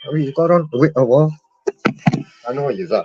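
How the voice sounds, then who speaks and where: A man's voice: medium pitch, lively intonation, fairly quick, darkish tone, slightly rough, no echo. A man, complaining on a live-streamed phone call to customer service, chatty and mock-polite.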